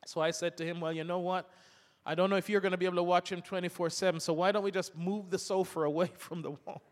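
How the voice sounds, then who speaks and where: A man's voice: sits high, flat delivery, fast talker, in a large hall. An older man preaching a sermon, reading scripture aloud between homely stories.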